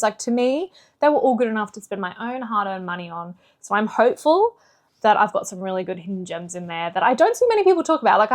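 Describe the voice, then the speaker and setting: A woman book vlogger in casual chat, chatty and animated with lots of fillers. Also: medium pitch. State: slightly out of breath.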